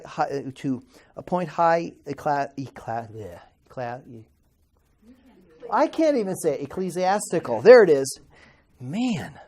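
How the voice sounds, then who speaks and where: A man's voice: on the high side, darkish tone. A middle-aged man teaching a classroom history lecture in a conversational way, asking the class questions and stumbling over hard words. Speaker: Bible institute teacher.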